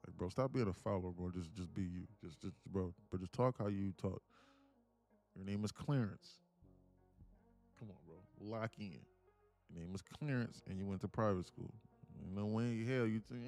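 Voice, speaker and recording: A man hosting a live trading stream in a fairly low voice. He talks in loose, joking, slangy banter full of quick restarts. Faint music plays under him. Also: a little mellow. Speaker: day trading livestream host. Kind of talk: casual livestream chat.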